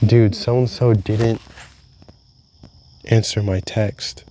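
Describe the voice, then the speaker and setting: Candid young man, slightly low voice. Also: steady tone, drawn-out words, mellow, slight background noise. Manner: candid, rambling, swears freely. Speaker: vlogger. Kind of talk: casual confessional monologue.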